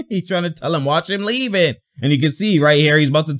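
A young man giving casual, slangy reaction commentary over a basketball game, laughing often and getting excited. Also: a little high, fast, hardly any pauses.

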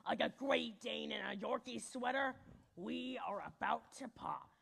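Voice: medium pitch, a little slow, vocal fry, a bit bright, full character voice. A young performer playing a bossy gatekeeper creature who declaims the rules in a stage musical. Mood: dramatic. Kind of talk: school stage musical acting.

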